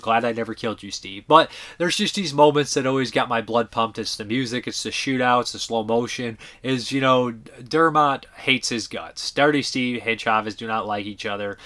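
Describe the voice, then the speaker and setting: A man's voice: lowish voice, pushed and bright. A man hosting a casual movie review show, rambling enthusiastically, swearing freely and trailing off as he searches for words. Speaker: movie reviewer and channel host.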